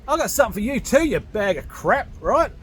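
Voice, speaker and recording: A man's voice: very high voice, very animated, brisk, a bit bright, slight background noise. An Australian man in his forties giving a blunt, combative vlog rant to camera from his home in Thailand, swearing freely and speaking off the cuff. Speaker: vlogger.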